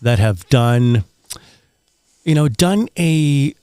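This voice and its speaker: A man hosting a podcast in casual interview chat, halting and repeating words as he thinks. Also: medium pitch, lively intonation, warm tone, clean tone, no room sound, clean studio sound. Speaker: podcast host.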